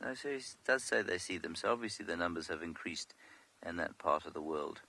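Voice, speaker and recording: A safari guide leads a live game drive from an open vehicle in the bush, explaining wildlife with dry humor. His voice is deep, gravelly and sharp, expressive and brisk.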